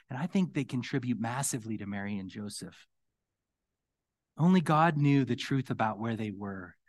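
A middle-aged man preaching a conversational sermon as pastor, his voice going hoarse, rising to emphatic questions. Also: medium pitch.

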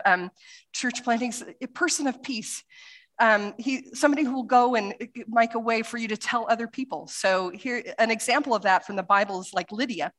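A woman missionary giving a church talk with slides, chatty and hesitant, full of fillers and restarts, acting out quotes as she tells stories. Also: on the high side. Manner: lively storytelling with acted quotes. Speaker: missionary speaker.

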